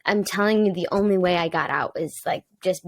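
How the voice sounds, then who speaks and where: Candid young woman, low voice. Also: fairly quick, dry recording. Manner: open and personal, with many fillers like "um" and "like". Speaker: podcast guest and mentor to young women. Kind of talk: candid conversational podcast talk.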